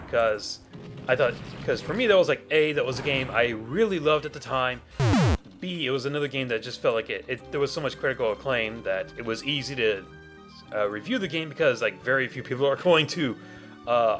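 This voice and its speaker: A man doing let's play commentary as a gaming YouTuber, talking in a rambling way and often correcting himself. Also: mid-range voice. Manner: rambling, animated, self-correcting.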